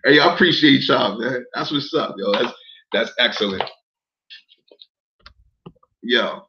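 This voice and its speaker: Over a noisy background and a muffled recording, a man speaks slowly in a mid-range voice while ranting on a casual livestream. As a commentator addressing his chat, he turns heated, repeats phrases and swears.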